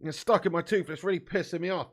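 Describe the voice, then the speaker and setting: A man hosting a live football watch-along, commenting on play, cheering loudly and chatting casually with viewers. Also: high voice, fast. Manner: excitable, bursts into loud cheering, swears freely, chats to viewers. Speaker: fan watch-along host.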